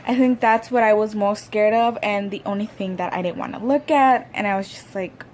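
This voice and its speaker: A woman's voice: medium pitch, a little fast, darkish tone, slight background noise. A young woman vlogger telling a personal story in a rambling, conversational way, with many fillers. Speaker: YouTuber. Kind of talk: casual storytime vlog.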